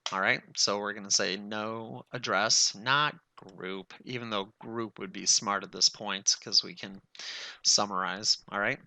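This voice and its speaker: Gravelly, bright-voiced man teaching networking. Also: fairly low pitch, fairly even intonation, unhurried, no room sound. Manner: chatty, thinks aloud, addresses viewers as guys. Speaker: network tutorial instructor. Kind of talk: casual screen-recorded tech tutorial.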